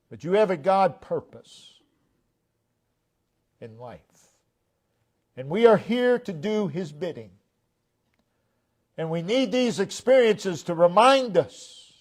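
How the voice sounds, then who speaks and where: Slow, high-voiced preaching man. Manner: emphatic preaching, swinging from loud stressed phrases to quiet phrase endings. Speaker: pastor. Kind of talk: sermon. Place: church sanctuary.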